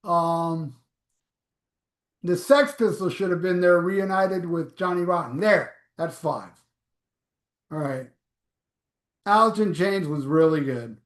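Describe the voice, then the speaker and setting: A man's voice: a little high, takes it slowly, pauses often, reverberant. A man hosting a live stream, reading viewer comments aloud in a blunt, offhand, profane way. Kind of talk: casual live chat.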